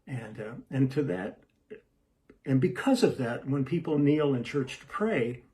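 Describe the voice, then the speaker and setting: A man's voice: medium pitch, expressive, a little slow, darkish tone. A man, a musician hosting his own video series, chatting casually to camera and often breaking off mid-thought. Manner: rambling, self-interrupting, easygoing.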